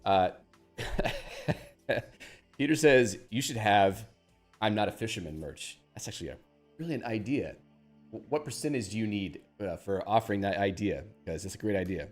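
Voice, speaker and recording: A man's voice: on the low side, expressive, normal speed, pauses often, faint music behind. A man hosting a live stream in a casual, joking, self-deprecating way, reading viewer chat aloud.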